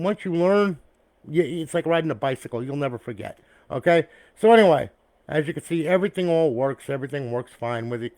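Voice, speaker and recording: A man's voice: a little high, a little mellow, no echo. A man who builds custom consoles, talking casually to camera in a rambling way, tagging "okay?" and "all right?" onto nearly every point, blunt and profane and chummy with his viewers, recorded on an external mic. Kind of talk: casual talk to camera about a finished build. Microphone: external mic, replacing the camera's built-in one.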